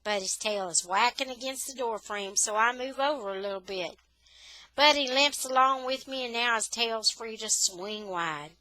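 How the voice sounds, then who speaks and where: A woman tutor reading a children's novel aloud, in a careful, expressive storytelling manner. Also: a little high, moderate pace, no room sound, low-quality recording. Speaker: reader, English tutor.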